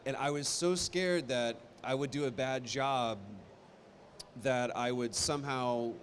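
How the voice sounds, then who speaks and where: A man in his thirties, a voice actor speaking on a convention stage, animated and self-deprecating, with frequent restarts. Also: mid-range voice, moderate pace, a little hiss or hum. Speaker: voice actor guest on a convention panel. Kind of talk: live panel storytelling.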